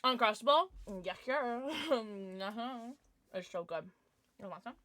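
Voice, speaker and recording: A young woman streamer chatting casually and excitedly to her viewers, now and then cooing at her dog in baby talk. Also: on the high side, a little slow. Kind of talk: casual livestream chat.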